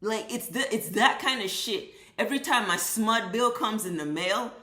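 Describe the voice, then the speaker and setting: Woman vlogger, bright forceful voice, profane emphatic rant, echoey room. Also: medium pitch, moderate pace. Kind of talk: impassioned commentary rant.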